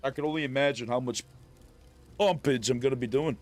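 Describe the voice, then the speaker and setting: A man's voice: medium pitch, brisk, soft background music. A man streaming a video game, chatting casually with laid-back, jokey banter. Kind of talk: casual live-stream commentary.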